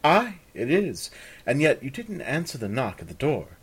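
A man's voice: mid-range voice, huge pitch swings, moderate pace, slightly rough, pitched above the performer's own voice, exaggerated voice. A man doing a flustered, charming young bard. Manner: florid, apologetic, evasive.

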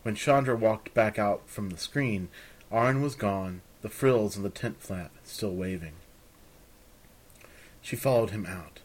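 A man narrating a fantasy story in a calm, even storytelling manner. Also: on the low side, measured pace.

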